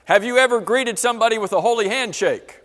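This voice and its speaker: A man's voice: very high voice, fast, fairly bright tone. A man teaching a church Bible class, asking the class question after question. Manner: asks the class many questions. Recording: long reverb of a church hall.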